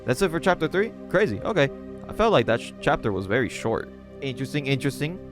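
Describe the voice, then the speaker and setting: Brief: young male host, loose chatty reaction talk, middle pitch, music faint underneath. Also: sing-song, quick pace. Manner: casual, filler-heavy, joking. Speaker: manga reader and reviewer. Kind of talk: casual manga recap and reaction.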